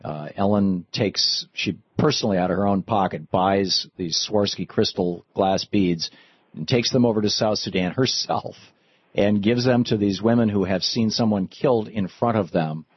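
Husky low-voiced talk radio host. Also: male voice, moderate pace, dry recording. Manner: conversational, explanatory. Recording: dull lo-fi radio recording.

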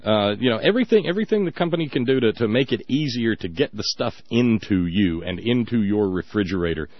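A man's voice: lowish voice, lively intonation, fast talker, no echo. Wry man telling a story, muffled. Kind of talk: casual political talk.

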